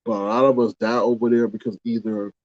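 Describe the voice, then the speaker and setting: A man chatting casually on a livestream in a dark, mellow voice, rambling and exclaiming with indignant rhetorical questions. The room sounds dry and close, and the recording comes through dull and muffled. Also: fairly low pitch, little pitch movement, a little fast, dry recording. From United States. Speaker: livestream host reading chat.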